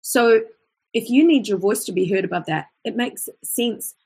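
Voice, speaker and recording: Teaching a live singing lesson online, this Australian voice coach speaks at a normal speed in a mid-range voice that's gravelly, husky and darkish in tone. She chats freely and breaks into brief sung demonstrations as she goes.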